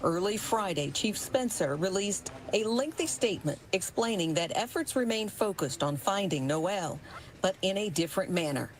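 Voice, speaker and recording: A woman news reporter delivering a scripted report in a measured, formal way. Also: medium pitch, expressive, slight background noise.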